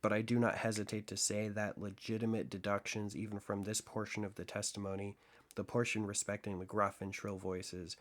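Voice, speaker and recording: A man voicing a coolly analytical gentleman detective, laying out his deductions in a measured, lecturing way in an audiobook reading. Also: on the low side, level tone, natural voice. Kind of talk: audiobook reading of classic fiction.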